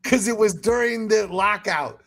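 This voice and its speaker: A man with a notably high speaking voice holds forth as a podcast host, ranting with plenty of swearing. He breaks into laughter at his own stories as he goes. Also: measured pace, creaky. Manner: animated, profane ranting with laughing asides. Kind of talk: casual chat.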